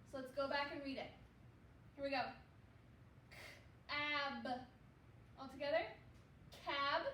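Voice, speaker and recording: A woman's voice: sits high, a bit bright. A woman teaching a second grade reading lesson, explaining each step patiently and encouragingly. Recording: roomy, distant mic with faint background hum.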